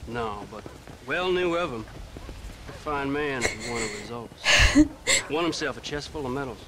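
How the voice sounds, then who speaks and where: A man's voice: mid-range voice, animated, moderate pace, close to an everyday voice. A man playing an offhand frontier lawman. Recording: game audio under loud noise.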